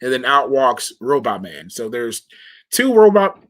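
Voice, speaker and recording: A man co-hosting a casual podcast, recapping episodes in animated, slangy talk and acting out characters' lines. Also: mid-range voice, measured pace. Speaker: podcast co-host. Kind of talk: casual chat recapping a show.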